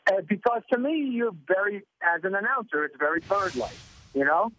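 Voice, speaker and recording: A man's voice: high voice, sing-song, brisk, pushed and bright. A man in his forties, a guest on a radio talk show, joking and rambling with lots of restarts. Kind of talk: casual radio interview. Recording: dull lo-fi radio sound.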